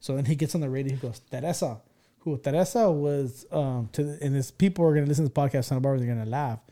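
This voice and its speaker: A man from California hosting a podcast, telling a childhood story in an animated, profane way and checking in with his listeners as he goes. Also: medium pitch, rapid-fire. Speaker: podcast host. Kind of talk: casual storytelling.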